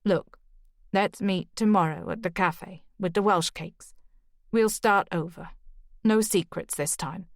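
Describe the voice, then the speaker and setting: A woman's voice: on the low side, a little slow, no room sound, clean studio sound. A woman reading the lines of a sheepish, apologetic Irish man in an audiobook. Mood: friendly. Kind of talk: audiobook character dialogue.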